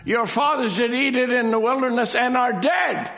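A man's voice: very high voice, moderate pace, gravelly, a bit bright. A man preaching a sermon, asking rhetorical questions and repeating key lines for emphasis. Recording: dull lo-fi recording.

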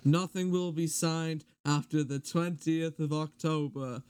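This is a mellow, preachy older rock drummer, as a man puts him on, dragging out every phrase at a crawl. He keeps circling back to the same calm catchphrase, and his voice sits a little high. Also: clear, resonant tone, natural voice. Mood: laid-back warning. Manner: slow, drawn-out delivery, repeating a stock sign-off.

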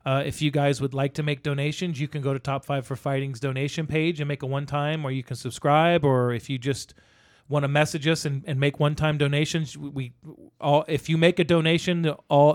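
A middle-aged man chatting on a podcast in a loose, rambling way, circling back and restarting his sentences. His voice sits a little high for a man, and the recording is dry and close with no room sound. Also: steady tone, brisk, no room sound. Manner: rambling, with many restarts and fillers. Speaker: podcast co-host. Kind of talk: casual podcast chat.

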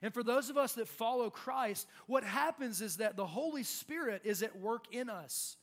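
A young adult male pastor preaching a sermon in an animated way, acting out quotes. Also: extremely high pitch, normal speed. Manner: animated, acts out shouted quotes.

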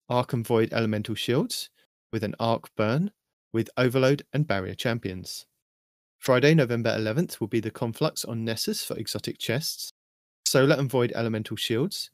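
Male host, scripted game news rundown, steady delivery, mid pitch, dry sound. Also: dry recording. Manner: steady, even list-reading delivery. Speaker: host of a weekly game update.

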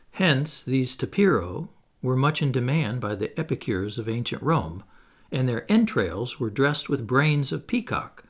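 A man narrating a classic novel in the first person as an audiobook, in a measured, expressive storytelling manner. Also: medium pitch.

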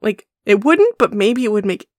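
A woman's voice: medium pitch, very animated, moderate pace, dry recording. Mocking, laughing woman with a dry sound. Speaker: podcast co-host. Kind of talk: casual book-discussion chat.

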